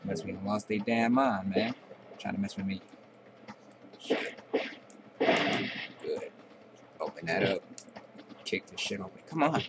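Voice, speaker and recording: Young dude cussing at enemies while he plays, slow drawl, noisy recording. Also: low-pitched. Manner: profane trash talk. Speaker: gameplay commentator. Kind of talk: casual gameplay commentary.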